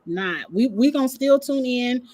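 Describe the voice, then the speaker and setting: A woman co-hosting a casual chat show, relaxed and conversational as she speculates. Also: sits high, a little slow. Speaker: podcast co-host.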